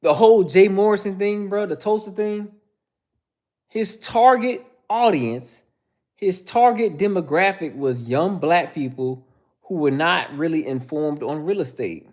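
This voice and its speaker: A man hosting a livestream, giving blunt, joking commentary and shouting out viewers in the chat. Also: high voice, a little slow. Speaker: host.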